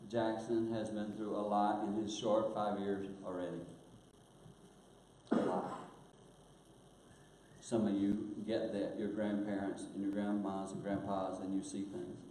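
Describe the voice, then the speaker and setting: A man's voice: lowish voice, monotone, measured pace, pauses often. Older man preaching in an echoey church. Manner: earnest, drops to hushed tones at painful moments. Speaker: guest speaker. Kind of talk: sermon storytelling. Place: church auditorium. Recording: very echoey church hall, faint hiss.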